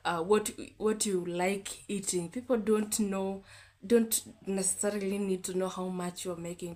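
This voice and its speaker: A woman's voice: mid-range voice, dark tone. Chatty young woman giving dating advice. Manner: chatty, candid, repeats herself with lots of fillers. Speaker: vlogger. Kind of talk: casual advice talk to camera.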